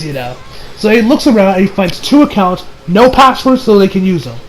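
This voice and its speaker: Young man, high voice, faint room hiss, casual profane review chatter, frequent laughs. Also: brisk. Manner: excitable, profane, laughs often. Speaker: anime reviewer.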